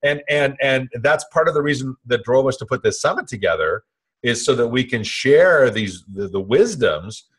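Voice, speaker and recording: Husky-voiced man, eager co-host who rambles and laughs a lot. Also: medium pitch, lively intonation, moderate pace, a bit bright. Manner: enthusiastic, rambling, laughs often. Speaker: podcast co-host. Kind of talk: casual podcast conversation.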